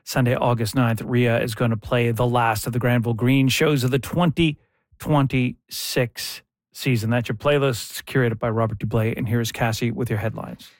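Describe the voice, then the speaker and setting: Brief: man, radio host, mid-pitched voice, easygoing and joking, close dry studio mic. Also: normal speed, no room sound. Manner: relaxed, playful banter. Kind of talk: casual radio chat.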